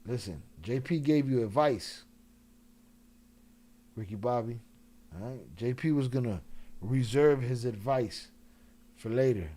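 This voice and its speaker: A man's voice: medium pitch, lively intonation, a little slow, pauses often, dark tone. A man hosting a live stream in loose, joking slang, laughing often, a few drinks in. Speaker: livestream host. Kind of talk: casual live-stream chat.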